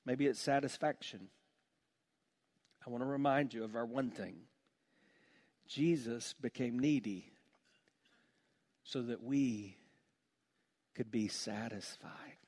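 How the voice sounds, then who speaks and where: A man preaching a sermon with passion, dropping to a hushed voice on heavy points. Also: medium pitch, slow pace, pauses often. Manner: impassioned, drops to a hush on heavy points. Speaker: pastor.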